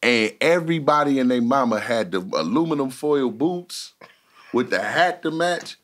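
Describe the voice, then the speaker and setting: Male guest, mid pitch with lively swings, blunt and slangy, emphatic. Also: moderate pace. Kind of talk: casual opinionated chat. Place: recording studio.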